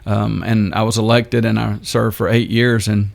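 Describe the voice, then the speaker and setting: Older man, gravelly and flat. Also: lowish voice. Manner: halting, unhurried storyteller with many pauses. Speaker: radio show guest. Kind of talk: interview storytelling.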